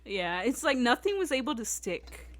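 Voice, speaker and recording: A woman's voice: fairly high pitch, sing-song, moderate pace, noisy background. A woman hosting a casual chat podcast, telling a rambling story with many fillers and frequent laughter, sounding tired. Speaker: podcast host.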